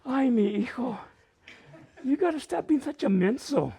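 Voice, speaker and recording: A woman's voice: high-pitched, expressive, a little slow, creaky, dark tone, breathy edge, heavily acted. A man doing a scolding mom. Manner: bossy, scolding. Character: scolding mother of a big family, no-nonsense.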